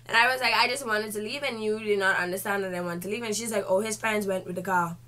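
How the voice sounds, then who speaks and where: Young woman vlogger, bright voice, animated storytelling, casual slang. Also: medium pitch, fast talker. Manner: animated, lively retelling with slangy asides.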